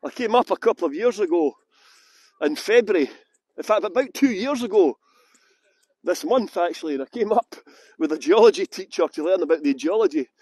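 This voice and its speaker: A man's voice: high voice, animated, brisk, a little mellow, slightly rough, no room sound. A Scottish man giving a live-streamed tour outdoors on a windy hilltop, chatting with viewers and laughing often. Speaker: tour guide. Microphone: good external microphone.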